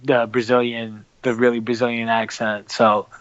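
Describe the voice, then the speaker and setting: A man chatting casually on a podcast, halting and repeating his words as he talks. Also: mid-range voice, flat delivery, a bit bright, clean tone, muffled recording.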